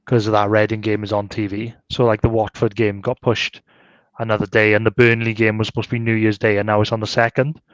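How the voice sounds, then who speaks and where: A man's voice: lowish voice, flat delivery, fast, no echo. A man co-hosting a football podcast, rambling casually with lots of fillers and tag questions. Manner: chatty, rambling, heavy use of "like" and tag questions. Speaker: podcast co-host. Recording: slightly dull lo-fi sound.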